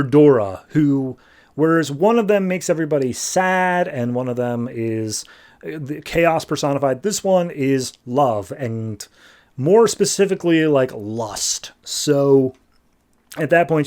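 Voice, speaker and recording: Male podcast host, casual comic recap, mid-pitch, breezy delivery. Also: darkish tone. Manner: breezy, voices characters' lines with quick shifts.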